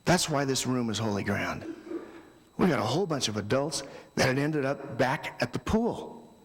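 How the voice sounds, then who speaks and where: A man giving a conversational talk at a youth ministry convention, telling stories with loud bursts and quiet lows. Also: lively intonation, moderate pace. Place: large hall before an audience. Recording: long hall reverb.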